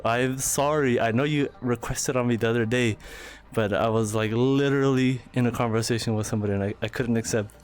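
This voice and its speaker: Breathless young man chatting on stream. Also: medium pitch. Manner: chatty, giggly, animated, reads chat aloud. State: out of breath from dancing. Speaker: livestreamer. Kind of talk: casual live-stream chat.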